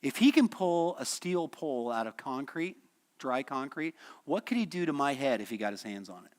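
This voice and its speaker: Speaking at normal speed in a very animated mid-range voice, a man leads a midweek church lesson in a church hall. He tells stories conversationally, quizzes the class, and chuckles frequently.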